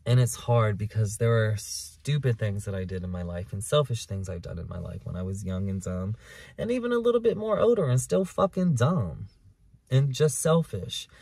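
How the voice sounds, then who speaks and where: A man hosting his own podcast in a candid, profane, emotional monologue, sometimes loud and sometimes hushed, recorded outdoors in a park on the camera's mic. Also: fairly low pitch, big pitch swings, normal speed, vocal fry, breathy edge, no echo. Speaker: podcast host. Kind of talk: confessional solo podcast monologue. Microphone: camera recording him.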